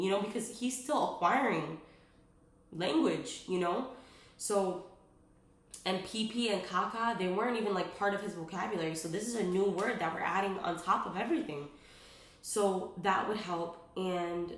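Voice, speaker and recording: A young woman and mother giving casual, earnest parenting advice in a chatty vlog, rambling with many fillers. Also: on the low side. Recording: roomy echo.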